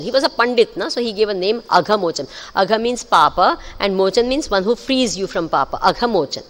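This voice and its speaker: A woman spiritual teacher giving a discourse, telling stories in an animated way and often checking that listeners have understood. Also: medium pitch, a little fast, hardly any pauses. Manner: animated storytelling, checks the audience. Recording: echoey hall.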